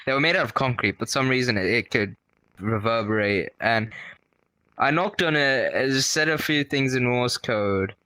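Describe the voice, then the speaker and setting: A man's voice: medium pitch, moderate pace, pushed and bright, no room sound, poor audio. A young man from Australia telling rambling, profane stories on a casual podcast, tagging his sentences with "right?". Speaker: podcast co-host.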